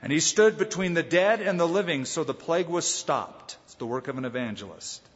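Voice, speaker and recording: A man pastor preaching a conversational Bible teaching, with dramatic pauses and voiced quotes. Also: a little high, animated. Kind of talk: sermon. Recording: dull lo-fi sound with long hall reverb.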